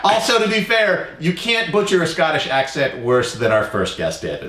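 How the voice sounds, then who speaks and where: Playful, lively-voiced man co-hosting. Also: fairly high pitch, moderate pace, reverberant. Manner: playful, wisecracking. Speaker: co-host. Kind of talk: casual podcast chat.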